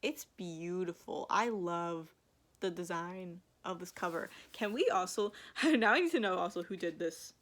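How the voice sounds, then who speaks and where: A woman chatting casually to camera as a book vlogger, gushing and excitable, full of fillers, restarts and casual swearing. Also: fairly low pitch, unhurried.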